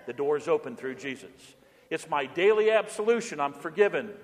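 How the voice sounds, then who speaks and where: A middle-aged pastor with a high voice preaches with emphasis, slowing down to lead the congregation in repeated lines. His voice carries a long reverb from the church sanctuary. The delivery is a full sermon. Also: animated.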